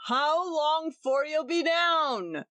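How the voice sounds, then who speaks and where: A woman's voice: high-pitched, lively intonation, slow, bright, forceful tone, dry recording, voice pushed up, full character voice. Woman reader plays an irritable young husband: clipped, cross, storybook tone. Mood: irritated.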